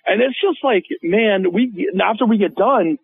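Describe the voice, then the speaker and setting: A chef, a guest on a radio show, telling stories in a lively, casual way, full of fillers and acted-out quotes. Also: male voice, high-pitched, a little slow. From Hmong American. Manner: animated storyteller, acts out quotes, many fillers. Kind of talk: casual radio interview storytelling. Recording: phone-line guest audio.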